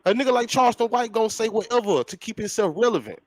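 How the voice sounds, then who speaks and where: High-voiced blunt man ranting. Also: expressive, quick pace, no room sound. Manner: blunt, profane, emphatic, repeats himself. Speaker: podcast co-host. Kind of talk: heated casual talk-show banter.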